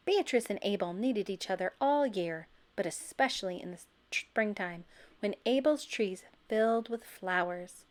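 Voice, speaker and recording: A woman reading a children's picture book aloud, expressive and breaking into loud high calls for the characters. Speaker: storybook reader.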